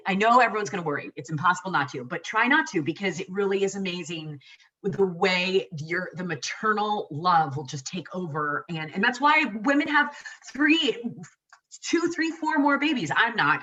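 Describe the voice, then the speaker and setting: A woman's voice: mid-range voice, expressive, normal speed, bright, forceful tone, far from the mic, low-quality recording. A woman in her forties telling her own birth story in casual chat, emotional and rambling with many restarts.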